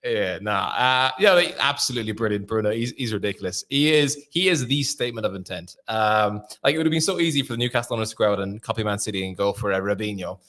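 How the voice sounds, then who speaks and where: A man's voice: fairly low pitch, lively intonation, fast talker, hardly any pauses, fairly bright tone. A man talking as a football fan pundit in a heated post-match chat, confident and emphatic.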